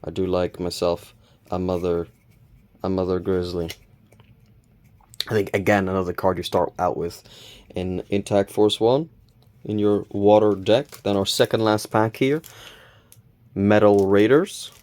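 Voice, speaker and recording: A man hosting a casual unboxing video, calmly counting cards and reading their names aloud with small self-corrections. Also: low-pitched, measured pace, long pauses. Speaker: channel host opening card packs.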